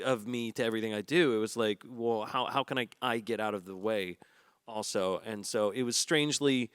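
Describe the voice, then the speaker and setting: A man's voice: mid-range voice, a bit bright, clean tone, dry recording, studio quality. A man, a stage actor on a discussion panel, talking in an earnest, reflective way with frequent restarts.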